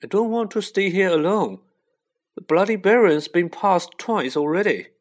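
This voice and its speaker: A man's voice: sits high, expressive, normal speed, voice pushed up. A man voicing a timid, clumsy schoolboy who pleads anxiously. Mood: pleading.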